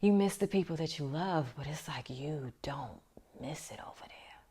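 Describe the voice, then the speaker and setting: Low-voiced woman telling her story softly. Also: normal speed, breathy edge. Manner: reflective, often drops to a near-whisper. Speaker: vlogger. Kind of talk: personal storytelling vlog.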